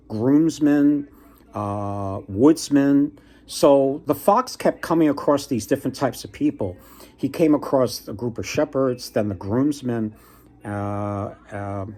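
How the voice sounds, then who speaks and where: A man casually retelling a folktale on his book vlog, with a husky voice at a middling pitch. He talks in a halting way, pausing and restarting often. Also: warm tone. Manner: halting, with many pauses and restarts. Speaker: book vlogger. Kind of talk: casual storytelling.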